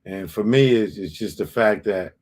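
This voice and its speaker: A man's voice: fairly low pitch, normal speed, darkish tone. A male comedian hosting a live comedy show, talking in an exasperated way and repeating his points. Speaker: comedian host.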